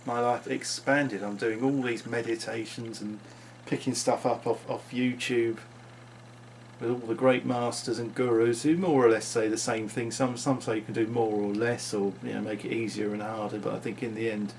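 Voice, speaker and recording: A man's voice: mid-range voice, fairly even intonation, moderate pace, slight background noise. A man talking unscripted into his vlog, musing and rambling with frequent restarts. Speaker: vlogger.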